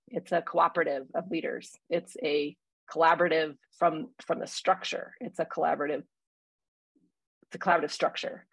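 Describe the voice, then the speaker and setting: A woman in casual conversation as a church minister, talking reflectively with many pauses and fillers. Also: deep voice, dry recording, poor audio. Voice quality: husky, gravelly.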